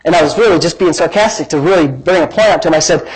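Preacher guy, high voice, gets loud and shouty, cracks jokes mid sermon. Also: rapid-fire, hardly any pauses, poor audio. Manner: preaching with rising emphatic shouts and humor. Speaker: pastor.

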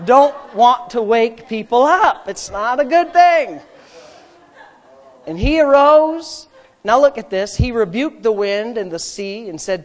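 A man pastor preaching a sermon, animated, swinging between loud and hushed, with humorous personal asides. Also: extremely high pitch, moderate pace.

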